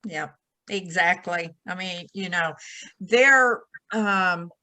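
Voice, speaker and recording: Slow-speaking, bright-toned woman. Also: fairly low pitch, dry recording, low-quality recording. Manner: thoughtful, affirming, unhurried. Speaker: podcast guest. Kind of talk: casual chat.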